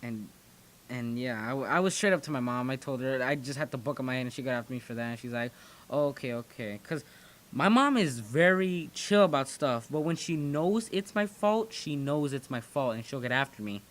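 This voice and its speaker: A teenage boy talks straight to his viewers about his school days. He rambles and often restarts his sentences, in a voice of middle pitch. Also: expressive, a little fast. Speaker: channel host. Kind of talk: casual storytelling commentary.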